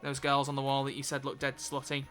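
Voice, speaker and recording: Young man, bright tone, teasing, sarcastic, casual livestream chat. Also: medium pitch, completely flat delivery, fast, soft background music. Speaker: streamer. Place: home.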